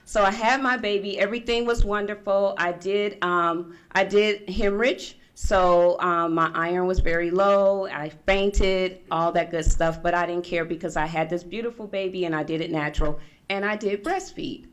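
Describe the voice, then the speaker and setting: A woman's voice: lowish voice, moderate pace, smooth, muffled recording. Middle-aged woman telling her story with animation. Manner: animated storyteller acting out past conversations. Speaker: forum speaker. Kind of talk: personal story told to an audience. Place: conference room.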